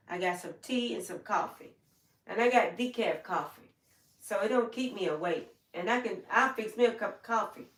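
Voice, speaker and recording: An older woman's medium-pitched, slightly bright voice comes from well away from the mic, with a roomy sound. Live streaming casually at home, she rambles through stories and acts out what others said to her.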